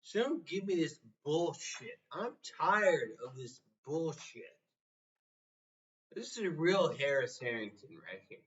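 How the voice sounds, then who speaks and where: A man's voice: fairly high pitch, lively intonation, slow, a bit bright, recorded from a distance, highs cut off. A man giving a blunt, profane motivational rant, sounding exasperated. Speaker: motivational speaker.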